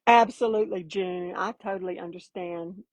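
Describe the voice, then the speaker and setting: A woman's voice: on the low side, steady tone, normal speed, no room sound, rough recording. A woman giving a casual live painting demo, chatty and folksy, greeting viewers by name as she works. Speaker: painting instructor.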